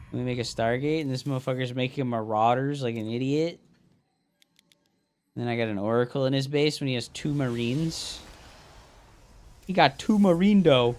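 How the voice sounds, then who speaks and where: A man's voice: mid-range voice, slight background noise. Frustrated cursing gaming streamer man. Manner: frustrated, swearing, explaining strategy to chat. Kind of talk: casual livestream talk over gameplay.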